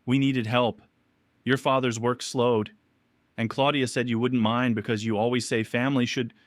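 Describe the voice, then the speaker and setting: A man's voice: medium pitch, flat delivery, moderate pace, dry recording, close to an everyday voice. A man voicing a small-voiced, guilty mother. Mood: pleading. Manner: small, pleading, defensive.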